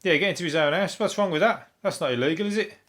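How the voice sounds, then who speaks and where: A man from Birmingham with a broad Brummie accent talks through a solo comedy podcast. He rambles loosely, chuckles at his own jokes and drops dry, deadpan swears. His voice sits a little higher than most men's. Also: fast talker. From Birmingham, England. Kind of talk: casual topical comedy monologue.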